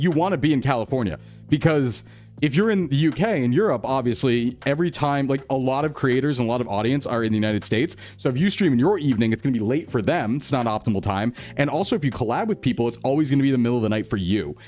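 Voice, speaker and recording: Upbeat chatty streamer man from New England. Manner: upbeat and chatty, jumps into high excited thanks, laughs easily. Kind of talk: casual live-stream chat, reading chat aloud.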